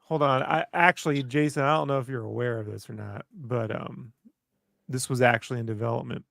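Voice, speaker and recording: Male co-host, sarcastic joker, raspy fry in a dry close-miked sound. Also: mid-range voice, a little fast, no room sound. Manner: joking, animated, sarcastic. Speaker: podcast co-host. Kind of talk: casual livestream chat.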